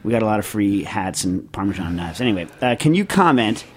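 A man's voice: on the low side, big pitch swings, fairly quick, breathy edge. Rambling, joking male podcast host. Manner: rambling, joking, many fillers and restarts. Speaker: podcast host answering listener questions. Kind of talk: casual chat.

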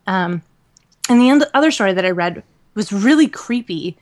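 A woman co-hosting a podcast in casual chat, talking in an animated, rambling way with lots of fillers and laughter. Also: mid-range voice, normal speed. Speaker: podcast co-host.

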